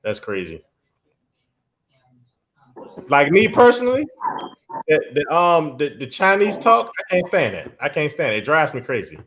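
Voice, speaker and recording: A man chatting on his own livestream in a slightly high voice. He talks emphatically, circles back over the same phrases and laughs easily between points. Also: huge pitch swings, measured pace, long pauses, fairly bright tone. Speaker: live stream host. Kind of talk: casual live-stream chat.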